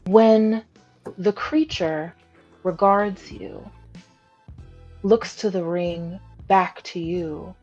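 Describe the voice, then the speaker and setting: A woman running a tabletop role-play game as game master, narrating slowly with many pauses and fillers. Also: lowish voice, steady tone, darkish tone. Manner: slow, musing narration full of fillers. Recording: dull lo-fi stream audio with faint music.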